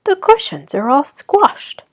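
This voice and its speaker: A woman doing a soft-spoken mother bear. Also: sing-song, takes it slowly, full character voice. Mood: surprised. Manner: soft, low.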